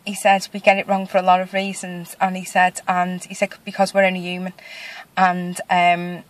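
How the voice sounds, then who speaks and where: A woman's voice: completely flat delivery, moderate pace, low-quality recording. A woman talking casually in a video diary, retelling a conversation with many fillers and restarts. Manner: emotional, voice rising higher toward the end. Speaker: vlogger.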